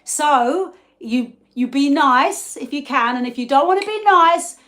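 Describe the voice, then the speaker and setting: A woman from England with an English accent, hosting a live cooking stream in her kitchen, chatty and quick to laugh as she greets viewers. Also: sits high, animated, a bit bright. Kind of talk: casual live-stream chat while cooking. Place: home kitchen. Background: pots and pans clattering faintly.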